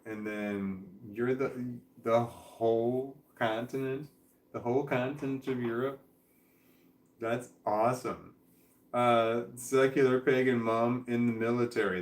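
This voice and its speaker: A man casually reading viewer comments aloud on a stream at home, halting, repeating words and stumbling over names as he goes. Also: medium pitch, reverberant. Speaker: vlogger reading chat comments. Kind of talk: casual livestream chat. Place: indoors at home with his dog. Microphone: webcam.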